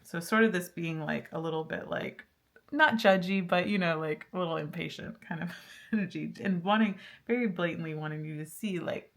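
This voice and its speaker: A woman with a lowish, fairly quick voice gives a casual pick-a-card tarot reading. She's chatty and laughs often, filling her talk with fillers and restarts.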